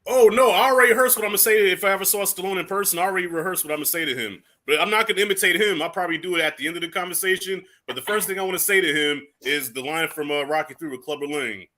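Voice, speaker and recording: Very bright-voiced man chatting casually. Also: high voice, rapid-fire, hardly any pauses. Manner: laid-back and swearing, laughs often. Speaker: movie reviewer. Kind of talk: casual livestream chat.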